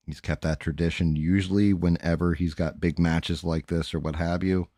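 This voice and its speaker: A bass-voiced middle-aged man with a darkish tone hosts a livestream at home, talking with viewers in a casual, candid, rambling way and swearing freely. The recording is dry with clean studio sound.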